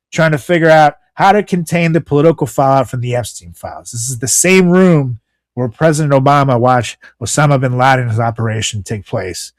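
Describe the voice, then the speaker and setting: A man's voice: medium pitch, moderate pace, no echo, faint music behind. Profane ranting podcast man. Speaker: podcast co-host. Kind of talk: casual podcast commentary.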